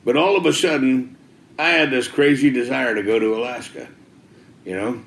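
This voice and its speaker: A man's voice: medium pitch, normal speed, creaky, a bit bright. Ex-biker man sharing his testimony, laid-back and slangy, recorded in a reverberant room. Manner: casual, slangy, peppered with "dude" and "man". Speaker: former biker giving a church testimony. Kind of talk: personal testimony storytelling.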